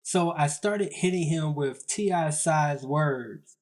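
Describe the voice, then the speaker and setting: A man's voice: a little high, takes it slowly, few pauses, a little mellow. A young man narrating a comedy story in a casual, slangy, self-mocking way.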